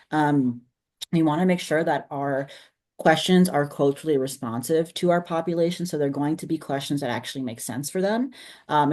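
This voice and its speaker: A trainer giving an online workshop in a conversational way, often checking in with quick tag questions. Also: mid-range voice, a little mellow.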